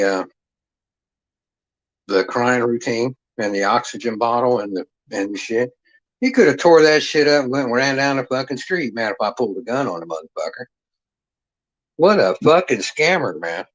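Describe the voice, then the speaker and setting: A male livestream host tells stories to his chat casually, rambling in a profane, streetwise way. His voice sits at medium pitch, and the recording has its highs cut off.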